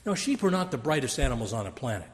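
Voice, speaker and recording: A man preaching a sermon, telling stories in an animated storytelling manner. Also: quick pace. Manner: storytelling with wide pitch swings. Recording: long hall reverb.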